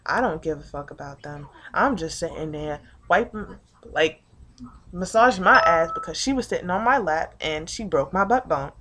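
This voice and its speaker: A woman's voice: on the low side, animated, moderate pace, noisy background. A late-teen woman telling a rambling, profane story about her day in a casual vlog, full of "like" and asides. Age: late teens. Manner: rambling and profane, heavy use of "like". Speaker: vlogger.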